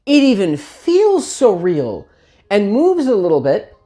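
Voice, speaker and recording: A woman voicing a startled grandmother of about seventy with quavering, high exclamations. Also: wildly swooping pitch, slow, warm tone. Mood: curious.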